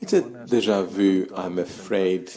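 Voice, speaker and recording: A man speaking in a live webcast panel discussion, halting and pausing often with fillers. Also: sits low, warm tone. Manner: halting, with many pauses and fillers.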